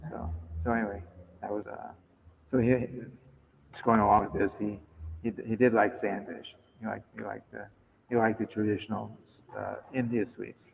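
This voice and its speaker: A man reading aloud and chatting informally at a temple, halting and restarting when he talks freely and growing louder as he reads. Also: on the low side, little pitch movement, creaky, a little hiss or hum. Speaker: temple devotee reading to a group. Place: temple hall. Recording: dull lo-fi recording in a long-echo hall.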